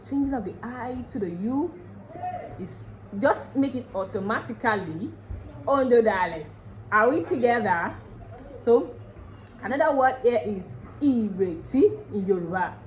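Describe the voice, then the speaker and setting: A woman with a Nigerian accent teaching dialect words in a casual lesson, chatty and repeating each word slowly for drilling. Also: on the high side, darkish tone, a little hiss or hum, low-quality recording.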